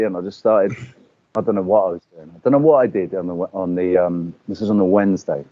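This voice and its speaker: A man in casual chat, telling stories with animated swearing and acting out quotes. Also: sits low, fast, dry recording. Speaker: podcast guest. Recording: dull lo-fi audio.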